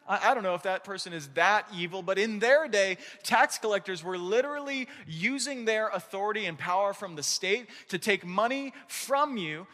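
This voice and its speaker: A man preaching a sermon as pastor, talking in an animated, conversational way with frequent restarts. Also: high voice, long reverb tail.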